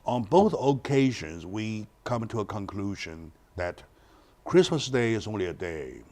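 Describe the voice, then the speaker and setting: A man hosting a studio talk show, introducing a guest and speaking in halting phrases with many restarts. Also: fairly low pitch, sing-song, a little mellow.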